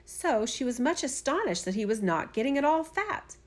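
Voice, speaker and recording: A woman's voice: high-pitched, sing-song, normal speed. Woman reading a fairy tale aloud. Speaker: narrator.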